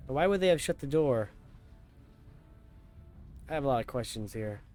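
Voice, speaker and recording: A man riffs casually on his game as he streams it, joking and swearing at what plays out. His voice sits at an ordinary middle pitch. Faint game music plays behind him. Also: lively intonation, moderate pace, pauses often, a little mellow. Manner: joking, crude, talks over game cutscenes. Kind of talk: casual gameplay commentary.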